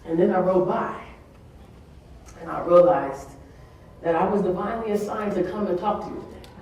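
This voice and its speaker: A woman's voice: lowish voice, moderate pace, a little mellow. A woman giving an earnest, emotional speech at a summit, with laughing asides, recorded in a large conference room. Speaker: keynote speaker. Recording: echoey hall, mic from far off.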